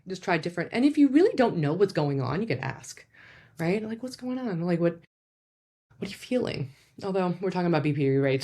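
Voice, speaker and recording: A woman psychologist talks through her advice in a relaxed, conversational way, her speech peppered with "like" and "right?". Her voice sits a little low for a woman. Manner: conversational, many "like" and "right?" fillers. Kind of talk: casual explanatory talk.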